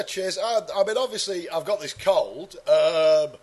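Guy with a cold and a high voice, goofing around on a podcast, rambly. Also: unhurried, darkish tone. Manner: jokey, puts on silly voices, rambling. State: has a head cold and sore throat. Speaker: podcast co-host. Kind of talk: joking casual chat.

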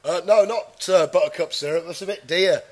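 High-voiced man with a stuffy cold. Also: a little fast. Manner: jokey, puts on silly voices, rambling. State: has a head cold and sore throat. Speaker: podcast co-host. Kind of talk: joking casual chat.

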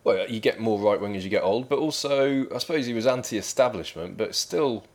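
A man, co-hosting a comedy podcast with dry, deadpan banter and feigned ignorance. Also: lowish voice, brisk.

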